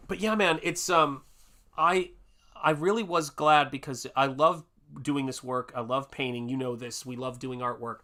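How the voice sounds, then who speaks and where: This middle-aged man from the United States runs an art livestream, painting as he chats casually and exclaims his way through viewer comments read aloud. He speaks in a mid-range voice with a sharp tone.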